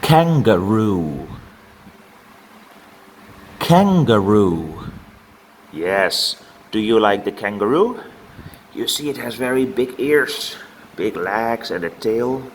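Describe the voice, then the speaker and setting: A man teaching farm animal names to young learners, saying each word slowly and repeating it for them to copy. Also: on the low side, lively intonation, slight background noise. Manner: slow, drawn-out word modelling with repeated words. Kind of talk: children's vocabulary lesson.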